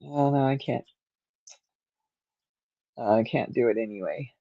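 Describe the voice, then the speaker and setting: A woman's voice: very deep voice, a little slow, no echo, dull audio. A woman hosting a casual livestream, rambling to her viewers and her cat, with a stuffed-up nose and sleepy yawns. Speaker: livestream host.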